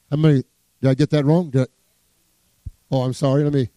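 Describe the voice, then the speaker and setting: A man preaching a sermon as pastor, quoting scripture with humor and swinging from soft asides to rising emphasis. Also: fairly high pitch, lively intonation, brisk, long pauses, no echo, clean studio sound.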